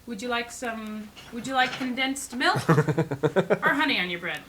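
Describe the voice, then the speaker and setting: A woman voicing a fussy male rabbit, speaking in a prim, measured way. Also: on the high side, animated, fairly bright tone, a little hiss or hum.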